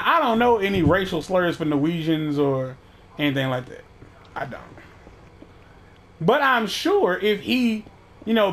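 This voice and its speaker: High-voiced man, profane rambling host. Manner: profane, rambling, with frequent restarts. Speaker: podcast host. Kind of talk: casual unscripted chat.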